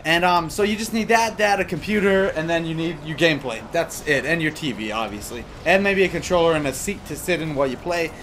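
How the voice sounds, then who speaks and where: Young male gaming commentator, slightly high voice, loose and rambling, faint hiss behind him. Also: a little fast, hardly any pauses, a bit bright. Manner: rambling and chatty, with many fillers. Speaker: gaming commentator answering viewer questions. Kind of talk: casual gameplay commentary chat. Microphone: desktop USB microphone.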